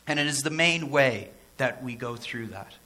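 A man's voice: mid-range voice, expressive, moderate pace, sharp tone. A man preaching a sermon as pastor, in a conversational way with joking asides and phrases repeated for emphasis.

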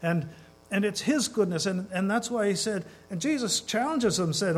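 A man with a notably high voice preaches a sermon in a church, talking to the congregation conversationally and often putting questions to them. He slows down and speeds up to stress his points. A low mains hum runs under the recording. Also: lively intonation, husky. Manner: conversational, asks the congregation questions, varies pace for emphasis. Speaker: guest preacher. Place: church sanctuary.

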